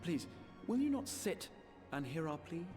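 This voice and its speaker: A man's voice: on the high side, very animated, unhurried, over music. An actor playing an earnest young male scholar in a game cutscene, speaking formally and politely. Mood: pleading. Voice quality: formal, old-fashioned, courteous diction. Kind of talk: video game cutscene voice acting.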